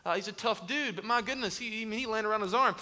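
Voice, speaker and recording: A man in his thirties, an executive pastor, preaching a sermon with humorous stories, animated and acting out voices. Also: high-pitched, fast, heavy background noise. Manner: animated storytelling, acts out voices and shouts. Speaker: executive pastor of student ministry. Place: large church hall. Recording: long hall reverb.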